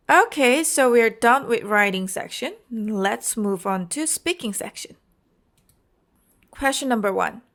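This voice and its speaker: A woman's voice: a little high, a bit bright. A woman with a Korean accent teaching an IELTS exam-prep lesson, explaining carefully and often checking in with "okay?" and "you know".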